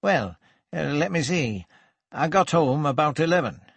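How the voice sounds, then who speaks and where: A man doing a nervous older man, hesitant and defensive, voice pushed up higher than usual, dry close audiobook sound, fidgety, indignant edge. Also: expressive, a little slow, vocal fry, a bit bright, breathy edge, no room sound, heavily acted. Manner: hesitant, flustered, then indignant.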